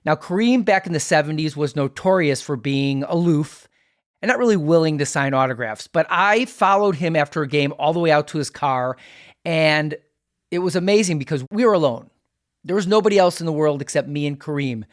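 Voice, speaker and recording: A man in his fifties from Milwaukee hosting a podcast, telling a scripted story and outro in a wry, deadpan, jokey way. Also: on the high side, brisk. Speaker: podcast host.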